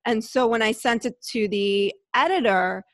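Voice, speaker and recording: A woman's voice: on the high side, normal speed, dry recording. Chatty woman telling stories. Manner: chatty, animated storytelling. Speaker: podcast host and guest. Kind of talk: casual conversation.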